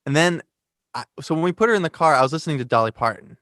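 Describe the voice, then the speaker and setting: A man's voice: on the high side, animated, very fast, a bit bright, no room sound, clean studio sound. A man, a singer-songwriter, talking as a podcast guest in a laid-back way, laughing and acting out the people he describes. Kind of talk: casual conversation. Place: New York.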